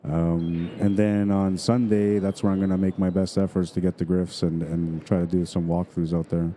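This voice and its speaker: A man's voice: low-pitched, level tone, moderate pace, dark tone, slight background noise. A middle-aged man from Manitoba with a Canadian accent, rambling casually as a pool stream commentator and reading viewer comments aloud.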